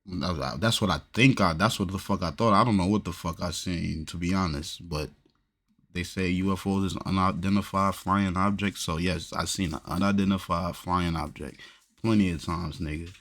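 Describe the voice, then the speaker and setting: A man's voice: deep voice, normal speed, a bit bright. A man from New Jersey in casual chat, telling a loose, profane story with lots of slang.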